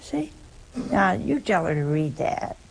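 A woman's voice: on the low side, very animated, unhurried, vocal fry, slight background noise, rough recording. A woman hosting a call-in show who answers a caller with emphatic religious teaching, repeating key points and quoting scripture at length.

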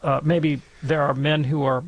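A man in his fifties answers listener questions on a radio show. He speaks thoughtfully, often restarting sentences, and his voice is a bit high. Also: little pitch movement, normal speed. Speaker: radio show guest expert.

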